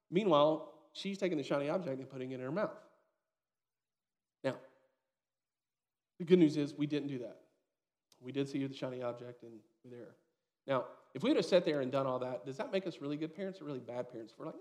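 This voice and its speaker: A man in his thirties preaching a sermon, telling a story with lively acted-out dialogue. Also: mid-range voice, brisk, long pauses. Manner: storytelling, animated, acts out quoted dialogue. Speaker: pastor.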